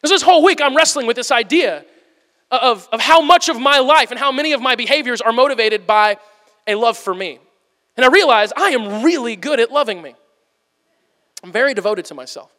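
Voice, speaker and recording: A young man with a high, light voice delivers a candid, self-deprecating sermon as a pastor. He acts out everyday scenes as he preaches, and his voice carries a long reverb from a large church hall. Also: animated, brisk, pushed and bright.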